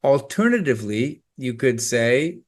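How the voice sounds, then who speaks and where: A man's voice: medium pitch, sing-song, a little slow. A man teaching test preparation in a scripted, emphatic, coaching explanation.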